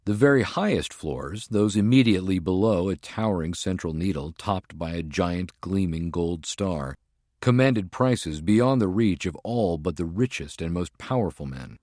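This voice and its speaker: A man with a low voice reads a thriller audiobook in a measured, deliberate way. The recording is dry and close, with no room sound. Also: animated, darkish tone, no room sound. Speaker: audiobook narrator. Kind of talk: scripted narration.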